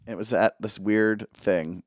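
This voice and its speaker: A man chatting on a podcast, recalling things in a halting, stammering way. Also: lowish voice, fairly even intonation, dry recording, studio quality. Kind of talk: casual podcast chat.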